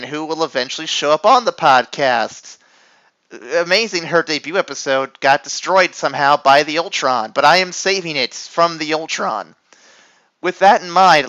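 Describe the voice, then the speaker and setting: A man's voice: a little high, expressive, measured pace, sharp tone, no echo, muffled recording. A young man hosting a comedy podcast in a goofy, self-mocking way. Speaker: podcast host.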